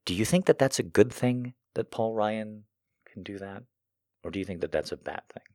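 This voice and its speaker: A very deep-voiced man delivering a fired-up political rant, swearing freely and letting his emotions show. His voice sits low, close and dry, with no room around it. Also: normal speed, warm tone, dry recording. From United States. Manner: heated, profane, emotional. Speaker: political commentator.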